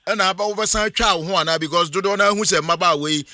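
A man's voice: high-pitched, very fast, bright, forceful tone, no echo, faint music behind. A man with a Ghanaian accent, a sports radio interviewer asking long probing questions, mixing Twi and English.

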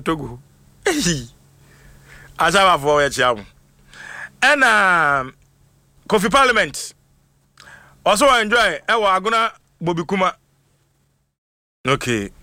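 A man hosting a casual livestream, reading out viewers' names in a lively mix of Twi and English and laughing often. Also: sits high, no room sound. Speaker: livestream host. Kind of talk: casual live shout-outs.

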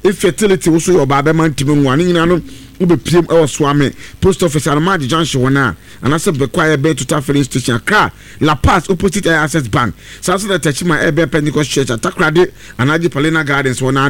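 A man presenting on radio, chatting and reading live adverts in a lively voice. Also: on the high side, quick pace, dry recording.

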